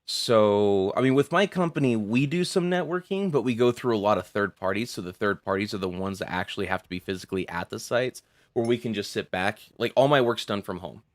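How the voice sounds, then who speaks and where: A man's voice: on the low side, fairly quick, few pauses, no room sound. Male streamer, casual rambling chat, swears freely, dry close sound. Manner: rambling, profane, laughs often, many restarts. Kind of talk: casual chat while gaming.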